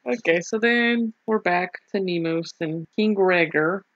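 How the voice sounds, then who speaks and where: A woman's voice: on the low side, unhurried, no echo. A woman co-hosting a podcast, laughing often and recapping an episode in easygoing casual chat. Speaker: podcast co-host. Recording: dull, lo-fi podcast audio.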